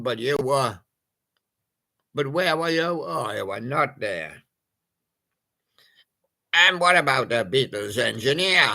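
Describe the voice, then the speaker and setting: A man's voice: medium pitch, gravelly, sharp tone. A man, possibly older, doing playful, punning oldies radio patter and breaking into snatches of old songs. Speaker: radio presenter.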